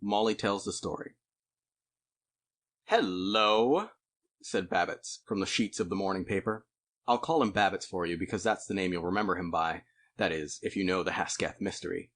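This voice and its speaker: A man reads a novel aloud in a conversational first-person manner. His voice sits low. The delivery is plain and chatty audiobook narration. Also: fairly even intonation, fairly quick, fairly bright tone. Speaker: audiobook reader.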